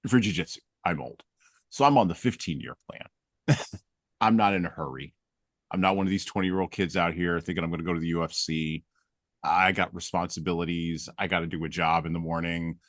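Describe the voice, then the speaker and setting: A man's voice: deep voice, a little fast, dry recording, studio quality. A middle-aged man hosting a casual chat, telling wry, self-deprecating stories with chuckles. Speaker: podcast host.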